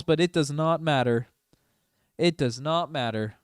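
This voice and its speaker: A man giving casual, partisan play-by-play on a fan livestream, moving from low mutters to loud excited shouts. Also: measured pace, clean tone, dry recording, clean studio sound. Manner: excitable, swings from mumbling to shouting. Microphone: desk microphone.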